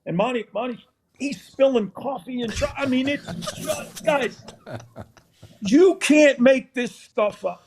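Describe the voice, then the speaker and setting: Older man, high gravelly storyteller. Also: slow, a little hiss or hum. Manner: animated storyteller, acts out scenes. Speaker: former college football assistant coach, guest. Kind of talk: casual anecdotal storytelling.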